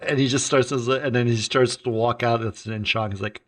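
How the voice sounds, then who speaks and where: A man co-hosting a casual film podcast, retelling comedy sketches with lively acted-out voices. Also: fairly quick. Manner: animated storyteller, acts out sketch characters in a lowered voice. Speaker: podcast co-host.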